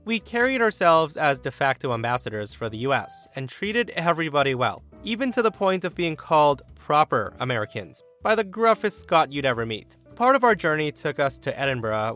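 A man reading an online story aloud in an animated, emphatic way. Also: a little high. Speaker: story narrator.

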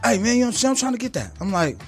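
A barber telling a story in casual chat, animated, acting out the people in it, slangy and profane. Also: male voice, high voice, rapid-fire. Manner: animated, acts out voices in his story; slangy, profane street talk.

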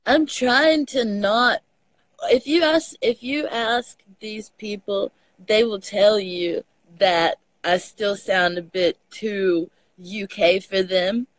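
On a live video call, a Texan woman guest talks slowly in a medium-pitched voice, casually spinning stories and letting the odd curse slip. The audio is rough, though there's no echo.

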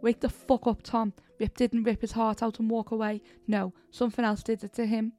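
A woman's voice: fairly high pitch, flat delivery, normal speed, dark tone, close to an everyday voice. A woman voicing a foul-mouthed, skeptical teenage boy in a horror story reading, speaking bluntly and dismissively. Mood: scornful. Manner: swearing, dismissive.

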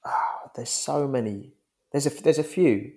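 A man's voice: mid-range voice, moderate pace, a little mellow. A man, a stage actor, talking in an interview with enthusiastic, rambling energy and frequent laughs. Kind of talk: interview talk.

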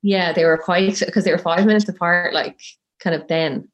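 This is a woman in her thirties with a voice lower than most. She tells her story in a loose, chatty way, acting out what people said and laughing along the way. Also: steady tone, moderate pace. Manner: chatty, laughs often, acts out quotes. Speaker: guest telling her birth story. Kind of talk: casual storytelling.

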